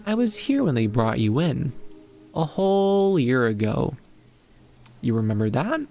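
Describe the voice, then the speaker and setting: A man's voice: medium pitch, big pitch swings, measured pace, warm tone, faint music behind. A man voicing a cruel, taunting teenage schoolboy bully in a read-aloud fantasy story. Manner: taunting, sneering.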